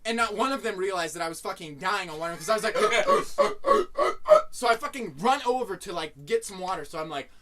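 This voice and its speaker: A young man telling a funny story among friends, animated, swearing a lot and acting out what he said back then. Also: high-pitched, quick pace, few pauses, very noisy. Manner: animated, heavy swearing, acts out his own past lines. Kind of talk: casual comic storytelling.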